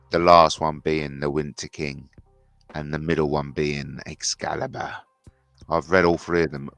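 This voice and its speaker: Gravelly low-voiced man chatting. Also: no room sound. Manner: chatty, blunt banter with swearing. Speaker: livestream host. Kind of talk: casual livestream chat.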